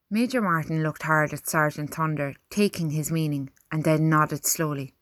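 A woman reads a story aloud in a clear, measured way. Her voice is low and the sound very dry and close. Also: no echo. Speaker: narrator. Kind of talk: storybook narration.

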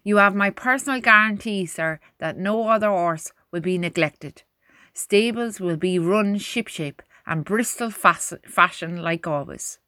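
A woman voicing a blunt, gruff male army sergeant. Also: sits high, unhurried, sharp tone, no echo, clean studio sound, pitched above the performer's own voice. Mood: firm. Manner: blunt, firm.

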